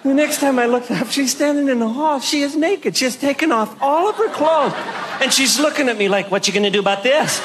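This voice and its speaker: An older man telling a stand-up story in an animated way, acting out both sides and laughing through his lines. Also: very high-pitched, background noise. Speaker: stand-up comedian.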